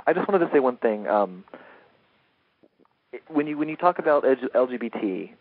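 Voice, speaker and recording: A man's voice: mid-range voice, very animated, moderate pace, no echo. A man being interviewed as a comics editor, talking casually and eagerly, rambling a little and laughing easily. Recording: tinny phone-line audio.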